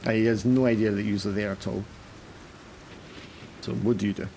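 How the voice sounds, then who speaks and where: A man's voice: on the low side, level tone, moderate pace, darkish tone, a little hiss or hum. A man narrating a tabletop horror game as game master, casual and full of fillers.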